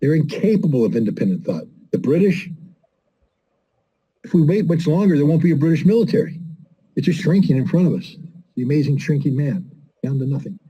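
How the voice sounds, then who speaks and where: A man's voice: on the high side, lively intonation, a little fast, pauses often, breathy edge, lo-fi sound. A middle-aged man giving blunt, impassioned political commentary, full of rhetorical questions and mocking quotes. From United States.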